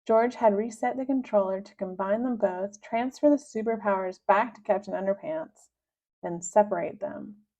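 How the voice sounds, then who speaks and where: A woman reading a children's book aloud with expressive, lively narration. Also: moderate pace. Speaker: reader. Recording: dull low-fidelity sound.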